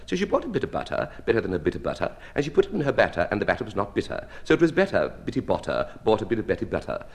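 A man's voice: lowish voice, huge pitch swings, rapid-fire, hardly any pauses, slight background noise. A man reciting nursery rhymes and tongue twisters in a rhythmic, playful way.

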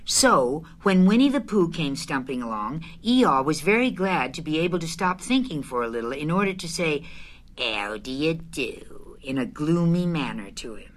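A woman narrating a storybook chapter aloud in an expressive, unhurried way. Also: deep voice.

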